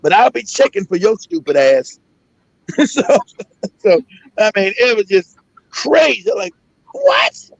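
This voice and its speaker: Gravelly, high-voiced man ranting profanely. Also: animated, measured pace, pauses often, dry recording. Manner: profane, emphatic, repetitive. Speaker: host. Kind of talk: casual talk-show rant. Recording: dull lo-fi sound.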